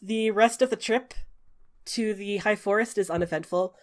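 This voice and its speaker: A woman's voice: mid-range voice, normal speed, heavy background noise. A woman narrating a tabletop game as game master, chatty, with many fillers and restarts. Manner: chatty, frequent "uh" fillers, restarts mid-sentence.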